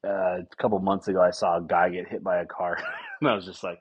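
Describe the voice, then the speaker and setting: A man hosting a casual podcast, rambling through a comedic monologue with lots of swearing and animated acted-out quotes. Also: low-pitched, quick pace, breathy edge, highs cut off. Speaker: podcast host.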